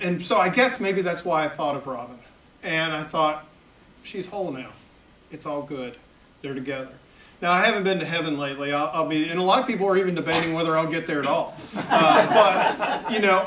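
A man's voice: fairly high pitch, fairly bright tone. A man in his fifties with a Southern US accent, an editorial cartoonist giving a chatty public talk, full of self-deprecating humor. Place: event hall at a library. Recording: echoey hall, picked up from far off.

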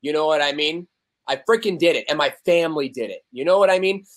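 A man's voice: fairly high pitch, fast talker. A young adult man, a podcast guest, talking candidly and animatedly in casual conversation and acting out the voices he quotes.

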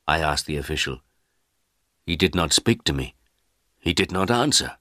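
A man narrating a story in the first person for English learners, in simple, clear sentences. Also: rumbling low, normal speed, sharp tone, dry recording, clean studio sound.

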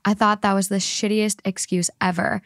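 A woman podcast host reads a Reddit story aloud with lively energy, breaking into laughs and swearing freely. Her voice sits in a middle pitch. The sound is dry and close, with no room around it. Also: moderate pace, no echo. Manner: animated, laughs often, swears casually.

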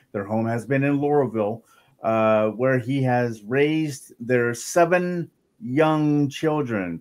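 A man on a video call in a casual discussion, reading aloud haltingly with many fillers and restarts. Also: mid-range voice.

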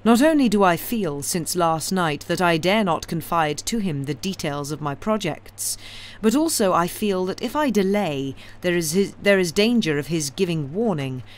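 Cold deliberate revolutionary woman, storybook villain, read by a woman, raised and firm. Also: fairly low pitch, animated, close to an everyday voice. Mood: stern. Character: stern vengeful middle-aged woman revolutionary.

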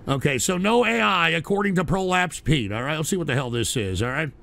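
An older man hosting a crude radio talk show, boasting and swearing, often breaking into loud shouting. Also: on the high side, expressive, brisk, creaky.

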